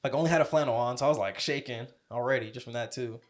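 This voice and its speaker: A man's voice: medium pitch, quick pace. A young man co-hosting a podcast, telling a story in a casual, profane, rambling way. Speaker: podcast co-host.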